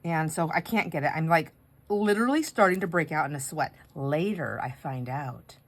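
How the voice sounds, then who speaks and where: A woman's voice: low-pitched, moderate pace. A woman chatting casually while decorating pages, telling a rambling story with asides about her crafting. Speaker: craft vlogger.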